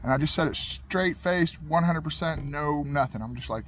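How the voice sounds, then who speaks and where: A man's voice: on the high side, steady tone, brisk, hardly any pauses, a bit bright, a little hiss or hum. A young man casually telling a funny personal story in a rambling, repetitive, laid-back way.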